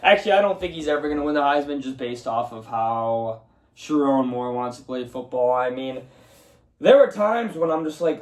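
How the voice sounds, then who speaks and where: A man's voice: medium pitch, moderate pace. A young man hosting a casual sports talk show, ranting heatedly with lots of swearing about missed effort and game plays. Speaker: sports podcast host. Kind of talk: casual solo commentary. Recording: roomy echo, distant mic.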